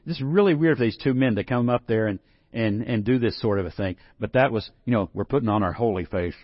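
A male pastor delivers a sermon in an easy conversational tone. When he reads scripture he turns emphatic. His voice sits in an ordinary middle pitch, and the recording is dry and slightly dull. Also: fairly quick, dry recording. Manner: conversational preaching, rising to emphatic scripture reading.

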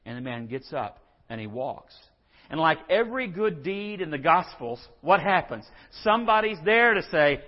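A pastor preaching a sermon in a conversational way, asking rhetorical questions and acting out quotes. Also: male voice, sits high, expressive, a little fast. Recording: dull audio in a hall with long reverb.

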